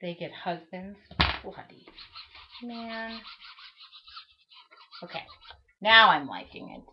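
A woman's voice: medium pitch, expressive, slow, very noisy. A woman demonstrating a mixed-media art piece on a live stream, talking to herself and her viewers as she works in a home studio. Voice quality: chatty, self-talking. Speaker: art instructor. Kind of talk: live-streamed craft demo chat. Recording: lo-fi webcam stream audio.

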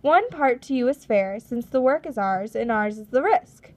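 Woman reading as a big bossy sea captain guy, loud and pushy, pitched up high. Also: lively intonation, normal speed, highs cut off, natural voice. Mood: bargaining. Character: Russian sea captain, tall man, bold and bargaining.

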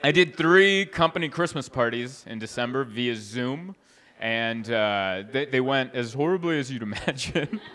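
A young adult man doing a stand-up comedy set, telling stories in an animated way, voicing the people he quotes with big jumps in pitch and laughing at his own jokes. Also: measured pace, slight background noise.

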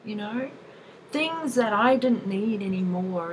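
A woman's voice: mid-range voice, takes it slowly, slight background noise, low-quality recording. Chatty woman telling a personal story. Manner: chatty and expressive, laughing often. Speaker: vlogger sharing a personal experience. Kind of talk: casual personal storytelling to camera.

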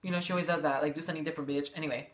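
A woman's voice: low-pitched, fairly even intonation, rapid-fire. A woman vlogger giving a sassy, gossipy, profane recap of a TV show in casual chat.

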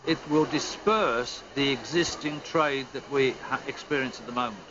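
A man's voice: mid-range voice, normal speed. A male market trader speaking earnestly and anxiously in a news interview, repeating words. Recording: dull TV audio with background noise.

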